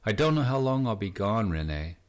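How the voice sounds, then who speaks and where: Anxious young art student girl, a guy reading her a bit higher, quick and worried. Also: sing-song.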